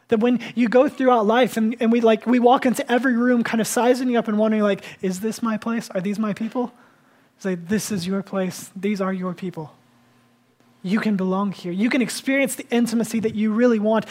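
Earnest male pastor preaching a sermon. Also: sits high. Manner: earnest, builds to emphatic peaks then drops soft.

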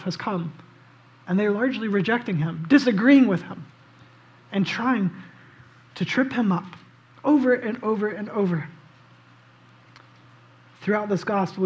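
A man preaching a casual, conversational sermon as pastor. He tells the story in an animated way and often says "like" and "um". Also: high-pitched, muffled recording. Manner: animated storytelling, acts out quoted voices; casual, with frequent "like" and "um".

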